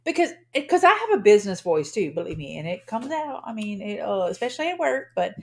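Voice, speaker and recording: A woman's voice: medium pitch, big pitch swings, a little fast, gravelly. A woman from Louisiana co-hosting a casual livestream, chatty and folksy, laughing often. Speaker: co-host of a livestream. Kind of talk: casual chat.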